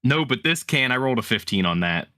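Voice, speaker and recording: A man chatting casually as a player in a tabletop game, pausing often with uhs. His tone is bright and forward. The sound is dry and close. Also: mid-range voice, expressive, no echo. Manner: halting, thinks aloud with uhs.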